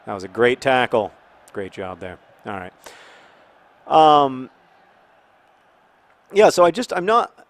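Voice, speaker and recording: A man in his thirties talking casually and rambling with many restarts while he plays a football video game, now and then breaking into excited outcries at the match. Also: on the high side, normal speed, dry recording. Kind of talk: casual gameplay talk while discussing a topic.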